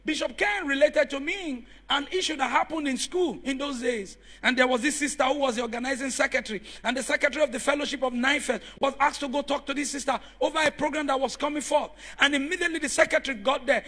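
High, bright-voiced preacher. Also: male voice, fairly quick. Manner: storytelling preacher, rising to shouts, calls on the congregation. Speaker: pastor. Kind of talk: sermon. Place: church.

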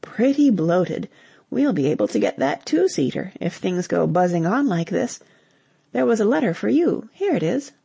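A woman's voice: mid-range voice, sing-song, moderate pace, gravelly, mellow, breathy edge, no echo, heavily acted. A woman reading as breezy young husband Ginger. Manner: breezy, slangy. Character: cheerful young English husband, bumbling.

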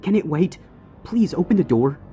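A man's voice: on the high side, lively intonation, moderate pace, warm tone, soft background music, voice pushed up, lightly acted. A man voicing a fake pleading boyfriend. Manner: pleading, then threatening. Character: monster faking a pleading boyfriend stallion.

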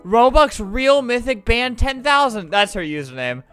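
Bright, bouncy young woman gamer. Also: on the high side, moderate pace, clear, resonant tone, soft background music. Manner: playful, swings into loud squealing excitement. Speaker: Roblox gaming YouTuber. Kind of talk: gameplay commentary.

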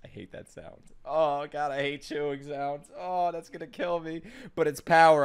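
A young man casually reacting to an anime, excitable, laughing and swearing, with loud bursts. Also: on the high side, normal speed, smooth.

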